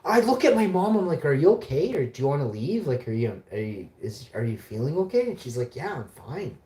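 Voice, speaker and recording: A woman from Winnipeg, telling a story on a casual livestream, animated and swearing, acting out the quotes. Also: sits low, fairly quick, roomy sound. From Winnipeg, Canada.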